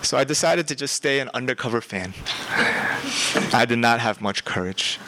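A young man giving a sermon in a conversational, animated way, with emphatic repetition. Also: medium pitch, moderate pace, heavy background noise. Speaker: preacher.

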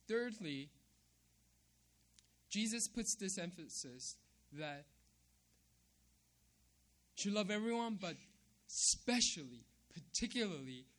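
High-pitched guy preaching, keeps saying "right?", leans hard on key words. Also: a bit bright. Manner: emphatic, repeats key phrases with frequent "right?". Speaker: pastor. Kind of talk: sermon.

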